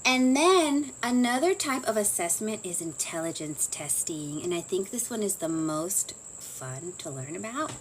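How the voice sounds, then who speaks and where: A woman's voice: mid-range voice, big pitch swings, a little slow, hardly any pauses, background noise. A woman giving a casual, chatty psychology lesson, full of fillers and self-corrections. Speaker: psychology teacher. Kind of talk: casual lecture.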